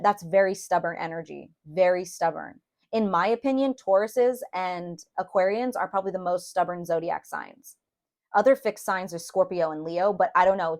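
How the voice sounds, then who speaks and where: A young woman giving a casual tarot reading to her viewers, talking in a loose, chatty way and filling pauses with "um" and "like". Her pitch sits in a typical middle range for a woman. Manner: chatty, addresses viewers as "you guys", many fillers. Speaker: tarot reader.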